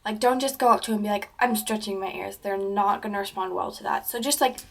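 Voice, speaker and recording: A teenage girl with a gravelly, mid-range voice speaks quickly as she gives casual advice to the camera. Chatty and sprinkled with "like" and "um," she acts out the exchanges she recounts in livelier tones.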